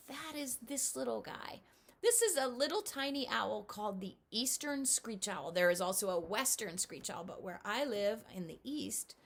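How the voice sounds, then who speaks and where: A middle-aged woman giving children a lively home lesson, speaking right to the kids and doing bird calls. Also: a little high, vocal fry. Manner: animated, talks straight to kids, imitates owl calls. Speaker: children's author teaching at-home learners. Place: home, indoors.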